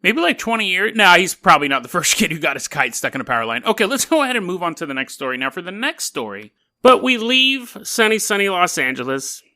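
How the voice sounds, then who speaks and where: Bright, animated male podcast host. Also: high voice, fast, hardly any pauses. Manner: animated, joking and rambling. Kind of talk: casual storytelling podcast.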